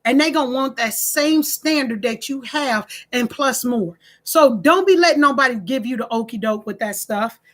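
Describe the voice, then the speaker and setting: High, bright-voiced woman giving blunt advice. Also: moderate pace, few pauses. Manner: animated, preachy, acts out her own quoted lines. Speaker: host of own video page. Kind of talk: casual talk to camera.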